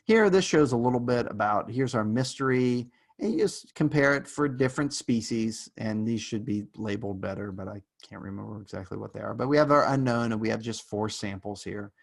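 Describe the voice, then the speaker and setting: A man's voice: fairly low pitch, brisk, vocal fry, few pauses. A male university lecturer giving an online class in a casual, joking way, rambling with fillers and asides.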